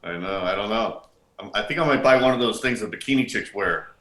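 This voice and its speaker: A middle-aged man co-hosting a podcast, recounting details and dates in a steady, casual way. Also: on the low side, fairly quick. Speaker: co-host and bodybuilding historian. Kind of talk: casual conversational chat. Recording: echoey room.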